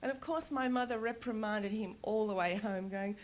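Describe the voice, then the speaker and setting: A middle-aged woman giving a conference talk, telling personal stories in a candid, animated way and laughing often. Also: a little high, normal speed, few pauses, slight background noise. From Australia. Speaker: conference speaker. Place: conference stage.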